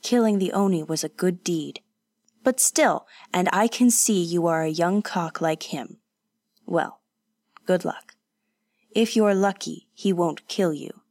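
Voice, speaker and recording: A woman's voice: lowish voice, slow, darkish tone, no room sound, clean studio sound. A woman voicing a blunt, scolding old male woodseller who lectures a young man in a storybook reading. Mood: gruff.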